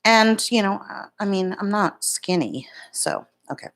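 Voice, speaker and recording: A rambling woman in her fifties chats casually to her viewers, greeting them by name as she goes. Her voice sits in a middle pitch, and her talk wanders easily from one thing to the next. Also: expressive, a little slow, fairly bright tone. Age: 50s. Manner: rambling, chatty, talks to live viewers by name. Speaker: beauty vlogger. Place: home in Florida.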